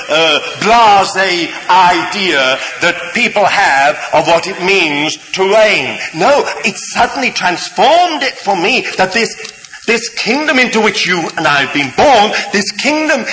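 A man preaching a sermon, deliberate and halting, with many fillers and gentle humour, in a large hall. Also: high voice. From Britain. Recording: reverberant hall, faint background noise.

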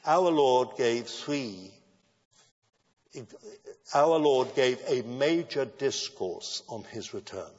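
A man preaching a sermon in a measured style that builds to emphatic declarations. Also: mid-range voice, expressive, darkish tone. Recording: dull lo-fi sound with long hall reverb.

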